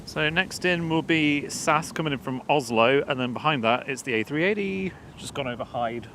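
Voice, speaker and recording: Bright-voiced man chatting on a live stream. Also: a little high, moderate pace, slight background noise. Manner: chatty, laughs often, reads out viewer messages. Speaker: live stream host reading chat. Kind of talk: casual live commentary. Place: outdoors at an airport.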